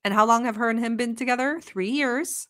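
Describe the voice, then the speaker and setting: A woman from the Middle East hosting a reaction channel, commenting on clips in a blunt, animated and sarcastic way, with frequent swearing. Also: on the high side, fairly quick.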